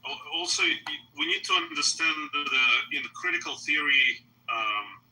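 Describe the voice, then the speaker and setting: A man's voice: a little high, wildly swooping pitch, moderate pace, sharp tone, distant mic, poor audio. A man explaining theory in a casual chat, hesitant and full of fillers. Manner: hesitant and lecturing with many fillers.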